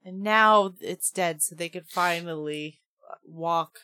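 A woman's voice: on the low side, takes it slowly, bright, forceful tone, clear, resonant tone, no echo. A woman co-hosting a podcast, giving short laid-back replies in casual movie chat. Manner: laid-back, brief replies, laughs often. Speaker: podcast co-host.

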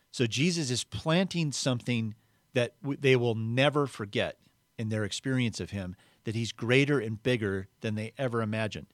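A man's voice: medium pitch, moderate pace, fairly bright tone, no room sound, studio quality. A man preaching a sermon in an earnest, conversational way, retelling scripture in plain everyday words. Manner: earnest, conversational, acts out the quoted voices.

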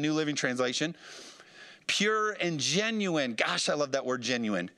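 A male pastor delivering a passionate sermon in a somewhat high voice. He drives his points hard and keeps calling out to the congregation for an amen. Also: a bit bright. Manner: fired-up preaching with call-and-response.

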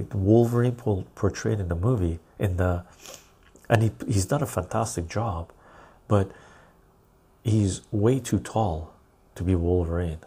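Gravelly, low-voiced man chatting on a live stream. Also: warm tone. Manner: rambling, reads out and answers viewer comments. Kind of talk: casual live-stream chat.

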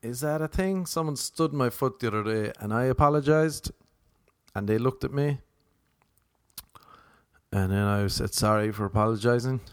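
A man's voice: medium pitch, moderate pace, long pauses, clear, resonant tone, dry recording, clean studio sound. An Irish man rambling through a comic monologue, self-mocking and full of rhetorical questions. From Ireland. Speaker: vlogger.

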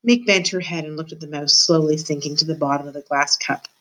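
Teacher lady reading a kids book aloud, kinda low voice, expressive storytelling. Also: fairly quick, poor audio.

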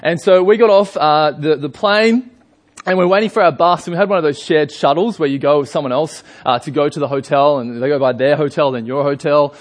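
A young Australian man delivers a sermon in a relaxed, storytelling style, his voice fairly high and a little quick. He fills his speech with lots of fillers and throws asides to the congregation, keeping it chatty throughout.

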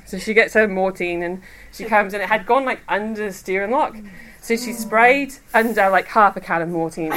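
A woman giving a devotional talk to a women's group, chatty and quick to laugh as she tells personal stories. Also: mid-range voice, a bit bright, a little hiss or hum. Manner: chatty, laughs often while telling stories. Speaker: women's ministry speaker. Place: room with a gathered group.

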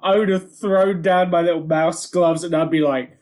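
A man's voice: fairly high pitch, fairly even intonation, moderate pace, a little mellow. Man riffing crude jokes. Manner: crude joking riffs with put-on quotes. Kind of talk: casual chat.

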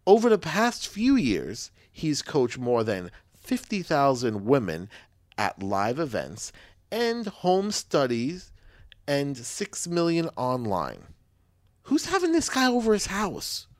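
A man's voice: a little high, huge pitch swings, slow pace. A man co-hosting a casual podcast, joking sarcastically and reading out notes. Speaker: podcast co-host.

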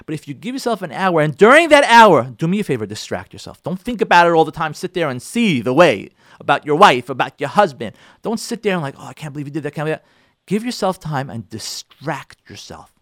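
Emphatic, animated rabbi giving a talk. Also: male voice, fairly high pitch, a little fast, hardly any pauses, dry recording, clean studio sound. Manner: emphatic, repetitive, acts out spouses' quarrels. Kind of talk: sermon-style talk on relationships.

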